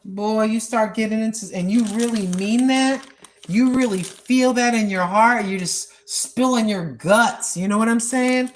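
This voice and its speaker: A woman's voice: on the high side, moderate pace, a little hiss or hum. A woman in her sixties vlogging on a walk, speaking earnestly about prayer in a repetitive, preacherly way. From United States. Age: 60s. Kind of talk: spoken prayer and testimony while walking. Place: outdoors on a walk.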